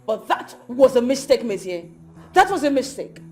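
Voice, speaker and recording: Brief: actress as a high, lively-voiced jealous wife, Nigerian accent, confrontational, faint music under. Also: female voice, normal speed. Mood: furious. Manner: confrontational, sharp questioning. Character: angry jealous young wife confronting cheating man. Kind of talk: Nollywood film drama.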